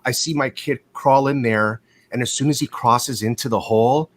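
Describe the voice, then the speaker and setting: A man hosting a casual live chat show from home in California, telling stories in a rambling, profane, animated way over a video call. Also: mid-range voice, moderate pace. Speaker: host of a live watch show.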